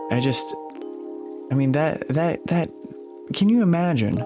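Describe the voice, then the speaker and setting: A man hosting a podcast, reacting to a clip with emphatic commentary and repeating phrases as he searches for words. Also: medium pitch. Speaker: podcast host.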